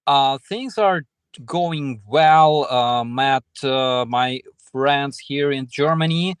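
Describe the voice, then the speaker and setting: Slow-talking guy on a call, smooth clear voice, lots of uh and um. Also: mid-range voice, no room sound. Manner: slow and hesitant, many pauses and fillers. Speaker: guest. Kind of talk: casual chat on a video call. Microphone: video call.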